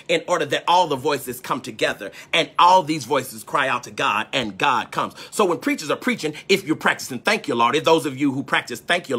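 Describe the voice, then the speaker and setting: A man preaching with a lively, swooping delivery, his bright voice slightly husky at the edges. He works the crowd in call-and-response, climbing into shouts and half-sung lines before dropping low again. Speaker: preacher and teacher. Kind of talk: spiritual lecture in a sermon cadence.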